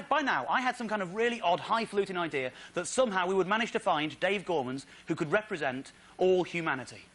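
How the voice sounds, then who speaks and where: High-voiced man telling a comic story. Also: heavy background noise. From Britain. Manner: excitable, indignant comic storytelling. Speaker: comedian. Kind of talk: stand-up storytelling with slides. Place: theatre stage.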